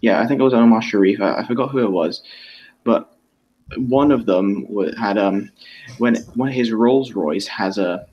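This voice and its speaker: A man's voice: on the low side, normal speed, darkish tone, lo-fi sound, a little hiss or hum. A man chatting casually on a stream, rambling with many restarts as he tells stories. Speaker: podcast co-host. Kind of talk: casual chat.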